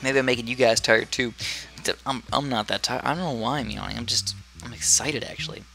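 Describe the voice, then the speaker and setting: Chatty guy on a headset, bright voice, game music playing faintly under him, rambles a lot. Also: mid-range voice, fairly quick, creaky. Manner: chatty, rambling, easily distracted. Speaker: gaming commentator. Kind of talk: casual gameplay commentary. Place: his own room.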